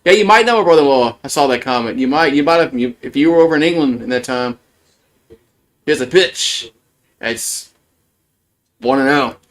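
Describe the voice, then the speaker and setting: A man doing casual live play-by-play, rambling between pitches, repeating words and chuckling often. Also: lively intonation, normal speed, long pauses.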